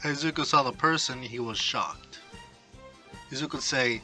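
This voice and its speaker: Bright-voiced man narrating a fan story. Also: medium pitch, moderate pace, pauses often, faint music behind, low-quality recording. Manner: reads all characters himself.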